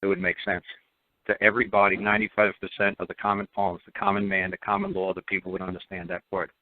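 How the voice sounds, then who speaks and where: On dry phone-line audio, a radio host with a lowish, expressive voice talks quickly with vocal fry. He runs a call-in show, hammering his points bluntly, saying things twice, and adding sneering side comments.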